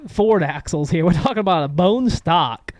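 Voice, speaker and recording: Man, young adult, podcast co-host, casual chat, jokey, laughs a lot, high and lively pitch. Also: moderate pace, no room sound. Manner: laughs often, chatty and joking.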